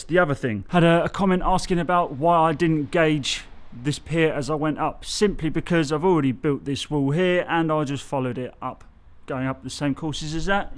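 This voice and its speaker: A man, chatting casually on an outdoor building site and explaining his bricklaying, often losing his thread and correcting himself. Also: fairly high pitch. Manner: chatty, loses his train of thought, self-corrects. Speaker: bricklayer vlogger.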